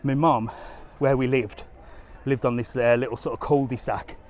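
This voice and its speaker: A travel vlogger walks outdoors by a harbour, chatting casually on a live stream in a medium-pitched, darkish voice with fairly even intonation and moderate pace. He rambles through stories and laughs often, over a slight hiss or hum.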